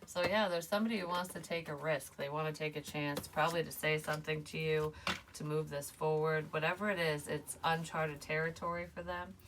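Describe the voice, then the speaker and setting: A woman's voice: sits low, steady tone, a little fast, background noise. A woman giving a casual tarot reading, chatty and emotional, swearing now and then. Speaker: psychic tarot reader.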